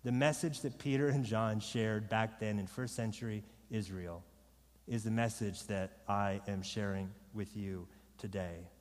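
A pastor preaching a sermon to his congregation, swinging from loud proclamation to soft, low pleading. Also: steady tone, a little slow. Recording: long reverb of a large hall.

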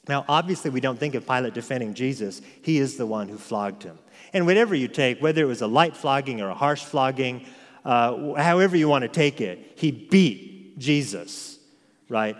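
A man's voice: medium pitch, big-room sound. A man preaching an expository sermon, emphatic and full of rhetorical questions. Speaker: pastor.

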